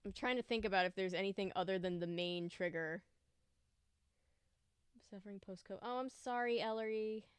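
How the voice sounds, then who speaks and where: A young woman hosts a casual home livestream, chatting easily and greeting viewers by name. Her voice is smooth and clear, recorded dry and close with no room echo. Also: mid-range voice, moderate pace, pauses often. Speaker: livestream host.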